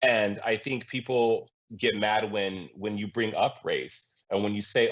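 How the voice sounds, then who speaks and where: A male guest commentator on a political talk show, speaking in an impassioned, halting way with many restarts. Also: fairly low pitch. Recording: muffled lo-fi audio.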